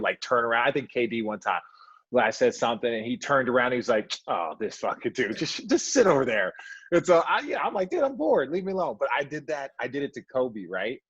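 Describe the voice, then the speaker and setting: A man's voice: medium pitch, fairly bright tone, no echo, muffled recording. A man hosting a sports podcast, a former pro player telling loose, profane stories about trash talk. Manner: loose, profane banter with repeated asides.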